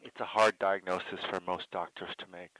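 A man's voice: low-pitched, level tone, brisk, sharp tone, dry recording, rough recording. A man hosting a podcast as a doctor, asking brief probing questions in an interview.

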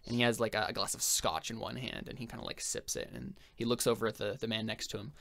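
A young man running a tabletop game as game master, telling the scene in a casual, halting way full of fillers. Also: on the low side, vocal fry, a bit bright, slight background noise. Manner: halting, filler-heavy storytelling.

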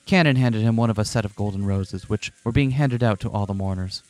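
A man's voice: fairly low pitch, fairly quick, a little mellow, no echo, soft background music. A man reading a visual novel aloud with friends, switching between narration and character voices, laughing between lines. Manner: reads narration then breaks into jokes and laughter. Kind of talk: casual dramatic read-through with character voices.

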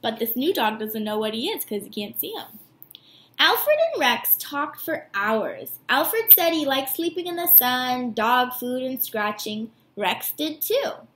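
High, animated teacher reading a storybook. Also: female voice. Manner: warm and animated. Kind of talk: reading a picture book aloud. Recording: echoey room.

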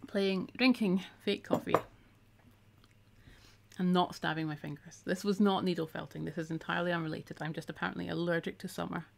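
A woman's voice: fairly low pitch, fairly even intonation, fairly quick, vocal fry, a little hiss or hum. A middle-aged woman, chatting casually while she teaches a craft on a live stream and reads out viewer comments.

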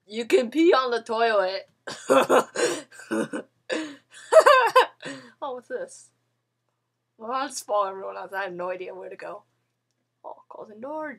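A woman's voice: fairly high pitch, animated, measured pace, creaky, pauses often, a bit bright. A young woman giving playful let's-play commentary, giggling often and bossing other players around. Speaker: gamer.

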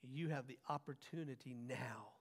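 A man preaching a sermon as pastor, swinging from hushed lines to loud, drawn-out emphasis. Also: medium pitch. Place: church sanctuary. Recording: long church hall reverb.

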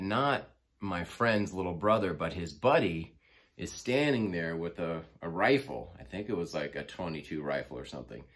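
Deep-voiced man rambling through a story. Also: fairly bright tone. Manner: rambling, many fillers and restarts. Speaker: angler telling a personal story. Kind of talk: casual first-person storytelling.

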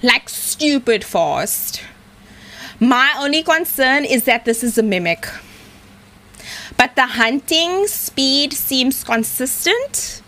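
High-voiced excited woman streamer. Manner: breathless, shaky and excited. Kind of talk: live game stream chat. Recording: faint background noise.

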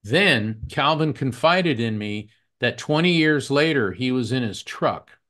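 A man's voice: mid-range voice, animated, measured pace, a bit bright. A man who works as a psychic medium, telling earnest anecdotes as a podcast guest. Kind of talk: podcast storytelling.

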